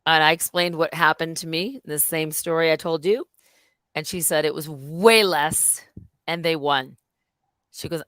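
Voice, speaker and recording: A middle-aged woman with a lowish voice tells a story on a live stream, energetic and blunt, swearing and acting out each exchange. The sound is dry and close. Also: unhurried, no room sound. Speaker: host. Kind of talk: casual live-stream chat.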